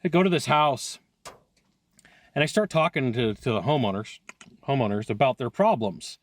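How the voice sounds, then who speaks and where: A man talking casually to camera as a sales coach, animated and quick, laughing often and breaking into asides. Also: mid-range voice, no echo. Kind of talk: casual video talk to camera. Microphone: headphones on, recorded live.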